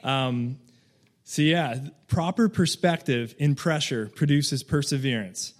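A man's voice: mid-range voice, measured pace. A man giving a loose, conversational sermon, full of fillers and asides, who once lived in Canada. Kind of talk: casual sermon.

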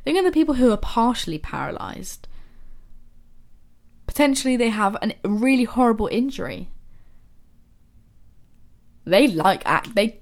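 A woman hosting a podcast, talking to listeners in a casual motivational monologue full of rhetorical questions and soft asides. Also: mid-range voice. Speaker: podcast host.

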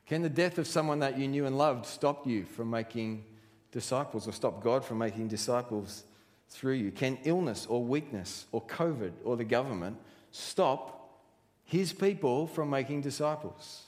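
A man preaches from the front of a church. His voice sits at an ordinary middle pitch and fires off question after question. A long reverb from the large hall trails behind each phrase. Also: lively intonation, normal speed, a little mellow. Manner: earnest preaching, full of rhetorical questions. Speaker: pastor. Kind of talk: sermon.

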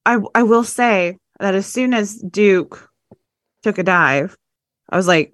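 A woman's voice: medium pitch, takes it slowly, fairly bright tone, no echo, studio quality. A woman co-hosting a casual podcast, blunt and playful, swearing freely. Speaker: podcast co-host. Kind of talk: casual chat.

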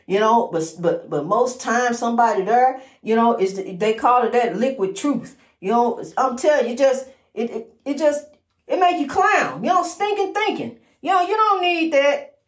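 A woman's voice: a little high, expressive, normal speed. A woman giving a daily inspirational testimony in a preacherly, repetitive, encouraging way, with many fillers. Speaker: motivational speaker. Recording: roomy echo.

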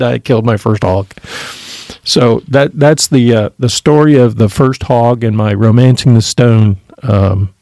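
A man's voice: mid-range voice, darkish tone, dry recording, clean studio sound. A man casually telling stories from his youth, swearing freely and laughing as he goes. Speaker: podcast storyteller. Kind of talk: casual storytelling.

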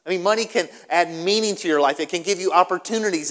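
A man's voice: high voice, quick pace, hardly any pauses. Emphatic male pastor in a reverberant hall. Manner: animated, repetitive, emphatic. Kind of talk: sermon.

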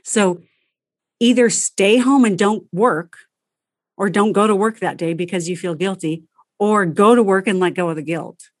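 A woman coaching a parent through everyday problems, speaking in a direct, practical and lively way. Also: mid-range voice, moderate pace, dry recording, studio quality. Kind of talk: coaching conversation.

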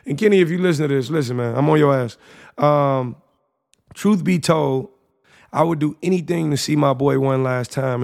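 A man's voice: on the high side, vocal fry. A young man in his twenties, a podcast host, casually and emotionally reading his own journal entries aloud in a slangy, reflective way.

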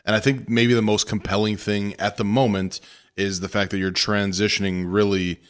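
Low-voiced jokey male podcast host. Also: flat delivery, normal speed, clean tone. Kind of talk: casual podcast chat.

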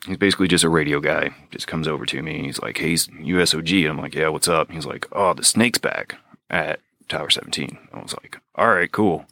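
A man's voice: rumbling low, brisk, gravelly, bright, forceful tone, no echo. A man in his thirties, a veteran guest, telling army stories casually with lots of profanity and acted-out quotes. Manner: profane, laid-back, acts out quotes in a raised voice. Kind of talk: casual storytelling in a podcast chat.

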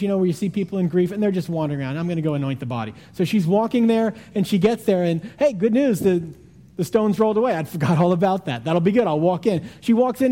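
A man delivers a sermon in a high, mellow voice. He retells the story with animated, acted-out lines, then falls quiet for reflective asides. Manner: animated storytelling with acted-out voices, jumps between loud and hushed. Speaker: pastor.

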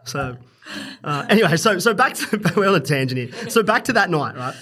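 A man's voice: high-pitched, big pitch swings, normal speed, bright, forceful tone. A young man telling a story in casual podcast chat, rambling and profane, often laughing. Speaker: podcast guest.

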